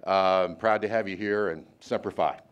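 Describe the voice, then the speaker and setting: An older man, a former naval officer hosting the event, telling a story with many pauses and filler sounds. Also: deep voice, steady tone, muffled recording, background noise. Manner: halting, lots of uhs. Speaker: event host. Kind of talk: closing remarks and anecdote.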